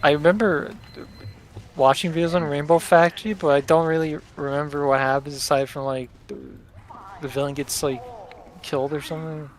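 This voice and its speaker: A young man with a somewhat high voice chats bluntly on his game stream, sharing strong opinions. A faint noise sits beneath his voice. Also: steady tone, normal speed. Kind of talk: casual chat on a game stream.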